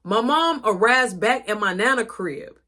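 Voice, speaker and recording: A woman casually telling a personal story in a lively, profane, animated way. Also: on the high side, measured pace.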